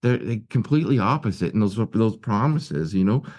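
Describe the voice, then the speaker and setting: A man's voice: lowish voice, lively intonation, normal speed, a little mellow. A man giving an earnest personal recovery share at a meeting, telling stories with many restarts and repeated words. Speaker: guest speaker at a recovery meeting. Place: his office at work.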